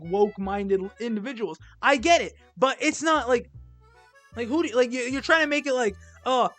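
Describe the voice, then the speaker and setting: A man's voice: extremely high pitch, a bit bright. A young man giving casual, blunt and sarcastic commentary as he ranks albums, rambling with lots of fillers. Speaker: video creator ranking albums. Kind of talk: casual rant-style commentary.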